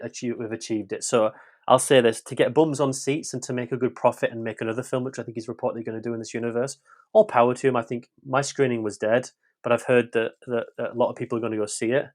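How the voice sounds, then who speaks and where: A man talks through a film review in a loose podcast chat. He is blunt and curses freely, tripping over his own restarts. His voice sits at an ordinary middle pitch. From West Yorkshire, England. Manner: frank and blunt, swears freely, tumbling restarts.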